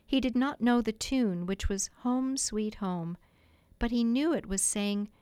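A woman narrating a classic storybook in a gentle, measured reading. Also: a little high, clear, resonant tone, no echo. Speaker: audiobook reader.

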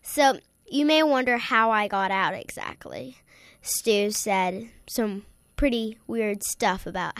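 A woman with a bright, ringing voice tells a playful story as host, bouncing between animated lines and hushed whispers. She sits close to a dry, dead mic. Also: medium pitch, no room sound. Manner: lively, acts out voices, drops to whispers.

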